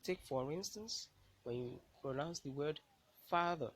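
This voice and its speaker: A man's voice: a little high, lively intonation, measured pace, darkish tone, slightly rough, rough recording. A man teaching a lesson, explaining step by step and stressing key words. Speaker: English language teacher. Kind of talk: classroom lecture.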